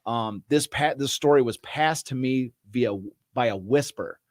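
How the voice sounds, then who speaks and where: A man's voice: mid-range voice, measured pace, dry recording, studio quality. A man in casual podcast chat, enthusiastic and full of restarts. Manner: enthusiastic, many restarts and fillers. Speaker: podcast co-host, screenwriter. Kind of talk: casual chat, reading a screenplay aloud.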